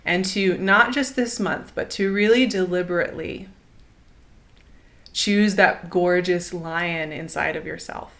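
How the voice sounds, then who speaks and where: With a fairly low pitch and a measured pace, this woman gives an easygoing, upbeat tarot reading. She laughs a lot, stays warm and encouraging, and fills her talk with "like" and a questioning "right?"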